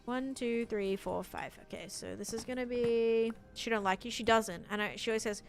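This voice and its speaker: Young woman rambling on her game stream, fairly high voice, light music behind. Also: fairly even intonation, moderate pace. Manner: chatty, reads chat aloud, mimics a voice assistant in a higher voice. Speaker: livestream gamer. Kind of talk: casual live-stream chat while playing.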